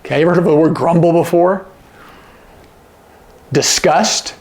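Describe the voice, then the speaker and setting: Speaking at normal speed in a slightly high, darkish voice, a man demonstrates sign language in a relaxed way. He often pauses to ask "okay?"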